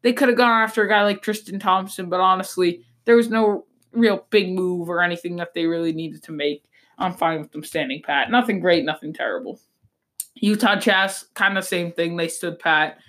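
A woman's voice: on the low side, fairly even intonation, normal speed, fairly bright tone. A woman hosting a sports podcast, giving blunt, opinionated takes in a loose, rambling way with frequent restarts. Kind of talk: casual sports talk.

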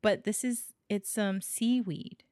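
A woman's voice: mid-range voice, fairly even intonation, takes it slowly, darkish tone, no room sound, studio quality. A woman from Hawaii co-hosting a podcast in a casual, giggly chat full of fillers. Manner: chatty, giggly, with many fillers. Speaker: podcast co-host.

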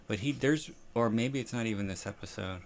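A man's voice: lowish voice, brisk, a little hiss or hum. A man hosting a podcast, reviewing a TV episode in rambling, casual, profane chat. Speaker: podcast host.

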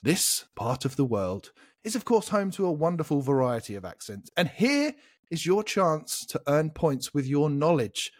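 A man from the United Kingdom hosting a podcast quiz with animated, teasing, casual banter. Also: fairly high pitch, moderate pace, dry recording, clean studio sound. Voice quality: animated, teasing, swears freely. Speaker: quizmaster and podcast host. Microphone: podcast microphone.

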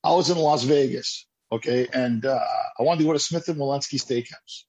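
A man casually telling an animated story in a chat, acting out the people he quotes. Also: mid-range voice, brisk, poor audio. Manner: animated, acts out quoted voices, repeats himself. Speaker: comedian hosting a chat.

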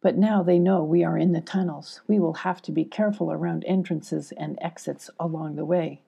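A woman reading the part of a calm, knowing animal guide in a storybook, explaining things plainly. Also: lowish voice, normal speed, vocal fry, slightly rough, heavily acted.

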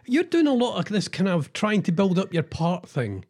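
A radio host in his sixties banters on air, teasing his co-host and stumbling through ums and uhs. His voice sits high and swoops around a lot. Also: big pitch swings, moderate pace, darkish tone. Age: 60s. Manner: teasing, chatty, lots of fillers.

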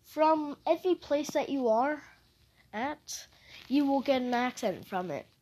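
A young woman talks alone into her podcast mic, speaking slowly. She rambles in a casual way, hesitates and often breaks off her sentences. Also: high-pitched, lively intonation, darkish tone. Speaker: podcast host. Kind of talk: casual solo podcast chat.

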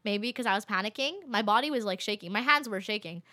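A young woman recounts a travel mishap to her viewers, her voice bright and clear. She talks casually and animatedly, with lots of fillers and quick laughs. The sound is close and dry. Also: medium pitch, expressive, no echo. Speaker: vlogger. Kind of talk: casual storytelling to camera.

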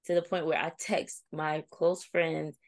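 A woman's voice: low voice, unhurried, no echo. A young adult woman co-hosting a casual chat, telling a reflective story and acting out her friends' replies. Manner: reflective, storytelling, animated when quoting friends. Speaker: co-host.

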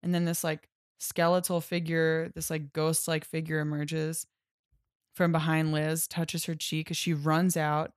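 A woman co-hosting a podcast, chatting casually and retelling scenes in a relaxed way. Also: low-pitched, a little slow, no echo, clean studio sound. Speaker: podcast co-host. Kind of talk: casual chat about a comic book.

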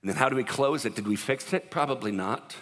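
A man preaching a sermon as pastor, in an animated, conversational way, acting out what people say. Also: mid-range voice, quick pace, long reverb tail.

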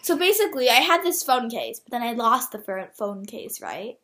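A young woman with a high, bright voice chats over a phone mic while gaming. She is playful and animated, and she giggles often as she co-hosts. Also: moderate pace, a little hiss or hum. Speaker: podcast co-host. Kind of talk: casual gaming chat.

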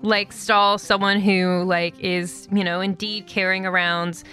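A woman game master describes scenes in a tabletop game with a bright, forceful voice. She talks loosely and fills her sentences with "like" and "uh", and faint guitar music plays underneath. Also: mid-range voice, flat delivery, measured pace. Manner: loose, many fillers and likes.

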